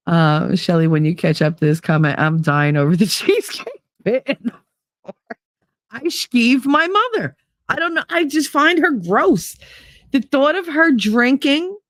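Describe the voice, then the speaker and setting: A woman with a New Jersey accent hosting a live stream, chatting casually and reading viewer comments in a very animated, emphatic way with lots of inflection. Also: mid-range voice, no room sound, clean studio sound. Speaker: livestream host.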